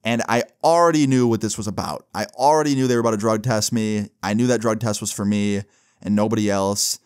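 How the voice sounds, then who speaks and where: A young man with a lowish, darkish voice talks a little fast. His personal story is told casually and profanely, with "like" and "right?" cropping up all the time.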